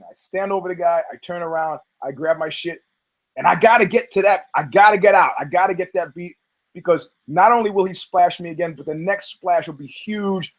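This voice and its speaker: A man tells a story on his podcast in a loose, profane way. He acts out the people in it with lively voices. His voice sits a little higher than most men's. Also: low-quality recording. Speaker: podcast host. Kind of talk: casual storytelling.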